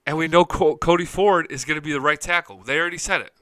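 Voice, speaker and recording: A man's voice: a little high, fast talker, a bit bright, no echo, poor audio. A man hosting a live-streamed sports talk show, hyped and profane, jumping from topic to topic. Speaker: sports podcast host. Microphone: studio mic, close and dry.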